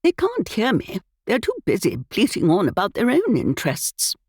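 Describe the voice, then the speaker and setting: A woman reading a storybook puts on a full character voice for a tart, sharp-tongued elderly lady of the manor, pitched higher than her own. The delivery is unhurried and cutting, with a breathy edge and wildly swooping pitch, in a dry, close recording with no echo.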